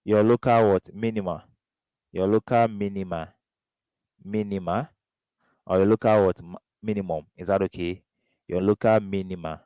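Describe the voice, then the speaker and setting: A man's voice: fairly low pitch, a little mellow, clean tone, no room sound, poor audio. A man with a Ghanaian English accent tutoring through exam questions, constantly prompting with "what?" before giving each answer. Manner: question-and-answer drilling, keeps asking "what?". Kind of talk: exam revision lesson.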